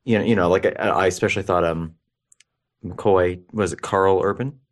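A man's voice: deep voice, steady tone, normal speed. A man co-hosting a podcast, chatting casually, joking and stammering over repeated words. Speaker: podcast co-host. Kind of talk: casual chat.

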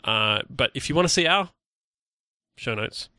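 Bright-voiced man rambling on a podcast. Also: mid-range voice, expressive, normal speed, pauses often, dry recording, studio quality. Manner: rambling, lots of restarts and fillers. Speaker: podcast co-host. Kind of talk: casual podcast chat.

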